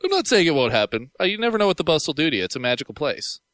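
Lively chatty podcasting man. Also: on the high side, racing, no room sound. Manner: chatty storyteller, laughing often. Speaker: podcast co-host. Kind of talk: casual podcast chat.

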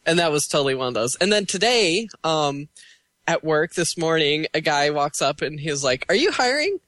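A man co-hosting a podcast, rambling through anecdotes with halting fillers. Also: on the high side, fairly bright tone, no echo. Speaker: podcast co-host. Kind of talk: casual podcast chat.

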